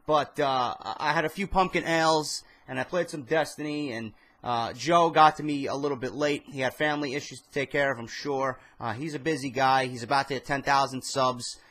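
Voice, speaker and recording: A man's voice: medium pitch, a little fast. A young man with a New York accent, tired after a few beers, ranting casually and profanely to camera at home late at night about wrestling. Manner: profane, animated, rambling. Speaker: wrestling vlogger. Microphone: camera mic.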